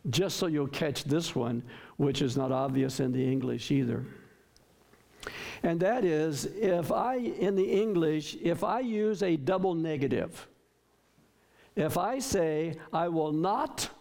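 A man's voice: fairly high pitch, vocal fry, a little mellow. A man preaching a sermon, emphatic and stressing words by repeating them, often asking his listeners questions. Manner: asks the congregation questions. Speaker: pastor.

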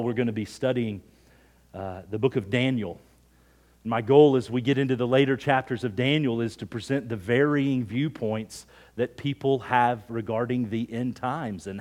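A middle-aged man preaching a sermon as pastor, telling everyday stories with lively energy and dropping to hushed near-whispers for emphasis. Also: medium pitch.

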